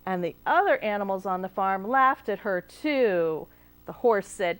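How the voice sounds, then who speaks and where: A woman librarian reading a picture book aloud to children, expressive, with gasps and questions to the young listeners. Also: mid-range voice, measured pace. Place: cable TV studio.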